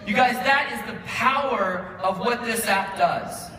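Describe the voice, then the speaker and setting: A bright, forceful man gives an animated award acceptance speech, acting out both sides of a conversation as he tells his story. His voice carries through a roomy hall, picked up from a distant mic over a faint hiss. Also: extremely high pitch, unhurried, a faint crowd. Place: large event hall with audience.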